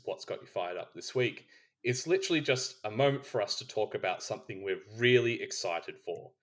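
A man's voice: fairly low pitch, fairly bright tone. A man co-hosting a board game podcast, talking casually, rambling with restarts and laughing between points. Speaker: podcast co-host. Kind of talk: casual chat.

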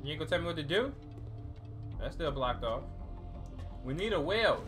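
A man's voice: fairly high pitch, expressive, moderate pace, over music. A man giving casual, joking gameplay commentary as a gaming YouTuber, talking straight to his viewers.

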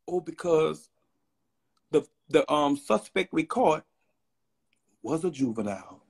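A man telling a dramatic story to his viewers in a loud, slangy rant that bursts into shouting. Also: a little high, sing-song, unhurried, gravelly, long pauses, slightly rough.

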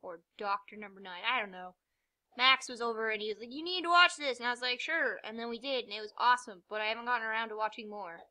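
A woman's voice: fairly high pitch, fairly even intonation, fast, sharp tone. A young woman giving rambling, self-mocking let's-play commentary, swearing freely, with sudden yelps and muttered asides. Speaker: gamer.

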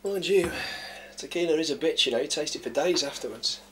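An actor doing a touchy young flatmate, brusque and quick to get defensive. His fairly high voice jumps around a lot, with a faint hiss behind it. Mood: blunt. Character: touchy young man sharing a London flat. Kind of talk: naturalistic indie film acting.

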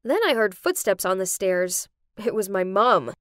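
A young woman giving dramatic scripted narration for an animated story. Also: medium pitch, unhurried, clear, resonant tone, no echo, clean studio sound.

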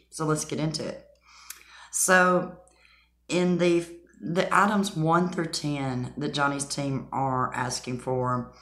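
A woman with a strikingly deep voice talks straight to her viewers in a chatty, emphatic way. She drops scoffing asides as she goes. The sound bounces around an echoey room. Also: a bit bright. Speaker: channel host. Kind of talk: casual commentary.

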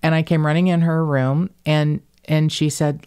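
A woman from Northern Kentucky with a slight accent from there, hosting a podcast and telling stories in a rambling, animated way. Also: low-pitched, normal speed, clean tone. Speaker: podcast host. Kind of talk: casual podcast chat.

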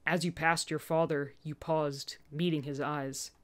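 Woman, story narration, gentle and earnest, lowish voice. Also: steady tone, unhurried. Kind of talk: storytelling narration, fan dub reading.

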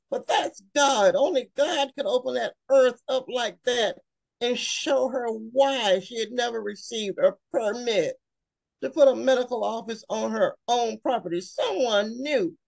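Gravelly earnest woman. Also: a little high, no echo. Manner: emotional, earnest, with long pauses. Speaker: webinar speaker. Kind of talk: heartfelt personal talk.

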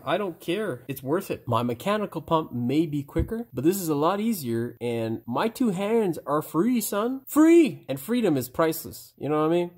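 A tired man hosting a casual DIY car repair tutorial, animated and theatrical, calling out to his viewers and swearing now and then. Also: medium pitch. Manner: animated and theatrical, keeps saying "boys and girls", swears casually. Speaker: auto repair channel host. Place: home driveway workspace.

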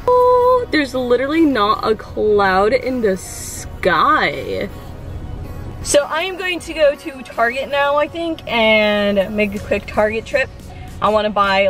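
A woman's voice: mid-range voice, a bit bright. A young woman vlogging casually, bubbly and chatty, filling her talk with "like" and "oh my gosh," recorded on a handheld camera. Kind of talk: casual vlog chat.

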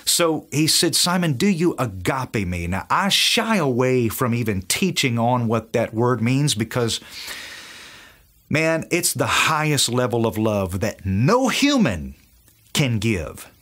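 A male preacher with a Southern US accent teaches from the Bible with enthusiasm, acting out the quoted dialogue. His medium-pitched voice is very animated, slow, and a bit bright.

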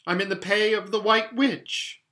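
A man's voice: sits high, fairly even intonation, unhurried, sharp tone, voice pushed up. A man voicing a tearful, guilt-ridden male faun in a storybook reading, talking between sobs. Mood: sorrowful. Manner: sobbing, sorrowful.

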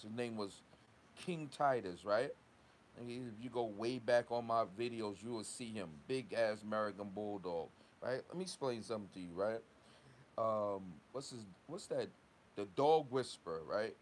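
A man's voice: medium pitch, a little hiss or hum. A man from Long Island, a dog kennel owner ranting in a casual vlog, profane and heated, tagging lines with "right?". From Long Island, New York. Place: at work, outdoors.

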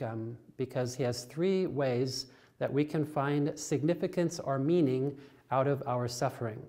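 A man, a priest, reading the Gospel and preaching a homily in church in a slow, measured way. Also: medium pitch, darkish tone. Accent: American.

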